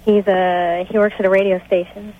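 A woman's voice: mid-range voice, little pitch movement. Hesitant eighteen-year-old woman on a dull phone line. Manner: hesitant, halting, many fillers. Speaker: caller. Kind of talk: phone-in call.

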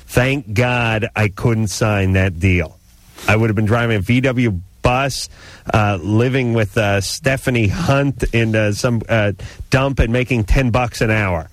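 Low-voiced guy ranting on his radio call-in show, dry close studio sound, goes big and loud on the jokes. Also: a little slow, dry recording. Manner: loud, comic rants with big swings in pitch. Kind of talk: casual radio banter. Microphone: studio microphone.

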